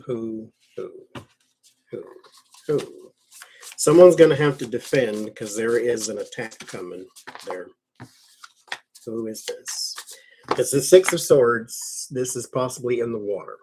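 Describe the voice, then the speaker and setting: A man reading tarot cards on a live stream, talking in a slow, conversational way with fussing asides. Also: mid-range voice, background noise. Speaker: tarot reader.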